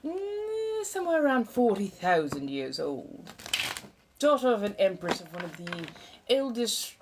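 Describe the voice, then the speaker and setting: A woman's voice: mid-range voice, a little mellow. Theatrical woman with an old-fashioned American accent. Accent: put-on old-fashioned American accent. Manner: theatrical, flowery and affectionate; talkative chatterbox. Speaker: livestream host. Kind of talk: chatty livestream with viewers.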